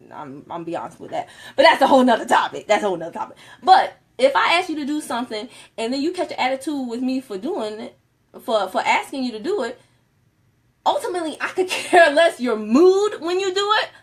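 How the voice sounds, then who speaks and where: A woman giving a casual motivational talk on a live stream, animated and laughing often, moving between soft and loud. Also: high voice, slightly rough.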